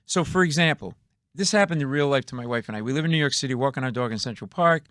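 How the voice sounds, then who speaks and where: A man's voice: medium pitch, a bit bright, no echo. A middle-aged man, a comedian guest, telling stories in a radio studio and acting out the people in them. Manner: acts out quoted voices, punchy and quick. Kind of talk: animated comedic storytelling.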